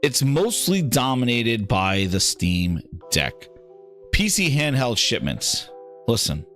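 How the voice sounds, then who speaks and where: A gaming podcast host with a medium-pitched voice speaks slowly over soft background music, giving casual, opinionated commentary. He swears freely, mocks people in put-on voices and gets excited while reading.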